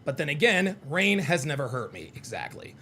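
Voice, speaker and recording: A man's voice: fairly high pitch, sing-song, normal speed, pushed and bright. A man hosting a live call-in stream, combative and mocking, often repeating himself as he reacts to clips and chat. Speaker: live call-in show host. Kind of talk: heated live-stream commentary.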